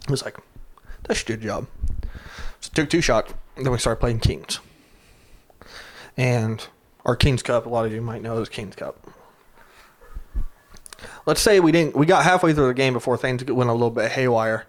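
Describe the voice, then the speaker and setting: A man's voice: medium pitch, moderate pace, pauses often. A young man telling a rowdy drinking story in casual chat, laughing often and swearing freely.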